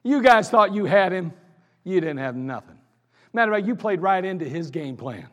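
High-voiced preacher in an echoing church. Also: male voice, big pitch swings, moderate pace. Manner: emphatic preaching, swinging between loud declarations and hushed asides. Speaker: pastor. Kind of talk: sermon. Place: church sanctuary. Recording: echoey church sanctuary.

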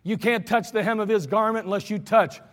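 A man preaching an emphatic sermon, slowing down and repeating lines for stress. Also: sits high, fairly bright tone, long reverb tail. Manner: emphatic, repetitive, slows for stress.

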